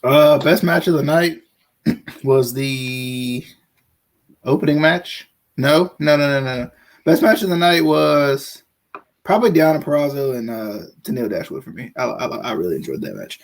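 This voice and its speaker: A man's voice: mid-range voice, animated, moderate pace. A man co-hosting a wrestling podcast in casual chat, often stammering and repeating words as he talks. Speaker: podcast co-host.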